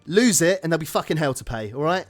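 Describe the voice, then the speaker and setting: A blunt, brash British strongwoman who swears and calls everyone mate, loud and a bit raised in pitch, as a man does her voice. Faint music plays behind. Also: fast talker, no echo, close to an everyday voice. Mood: gruff. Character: tough muscular woman, blunt and protective.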